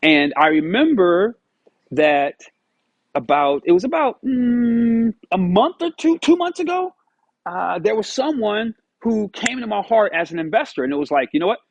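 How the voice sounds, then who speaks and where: A man giving a casual motivational monologue, animated and storytelling, acting out his own past dialogue. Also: high-pitched, a little slow, highs cut off. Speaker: motivational vlogger.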